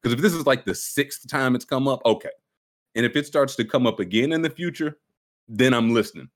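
A man's voice: mid-range voice, fairly quick. A man hosting a live stream, teasing his co-host in casual banter and often quoting others in exaggerated voices.

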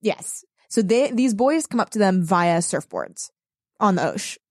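A woman's voice: mid-range voice, big pitch swings, a little slow, darkish tone, husky, no echo, clean studio sound. A young woman casually recapping a story with a friend, chatty and quoting characters in mocking voices. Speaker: podcast co-host recapping a book. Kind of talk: casual chat.

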